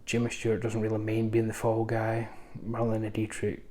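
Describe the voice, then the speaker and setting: A man's voice: fairly low pitch, monotone, normal speed, a little mellow. A man hosting a casual film review, rambling along with frequent ums, restarts and chatty asides. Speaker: film reviewer, channel host.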